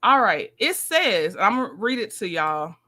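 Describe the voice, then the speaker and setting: A woman's voice: medium pitch, sing-song, measured pace, sharp tone. A woman hosting a casual livestream, chatting with viewers and reading text messages aloud. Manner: chatty, talks to viewers, reads texts aloud. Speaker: livestream host. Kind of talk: casual live commentary.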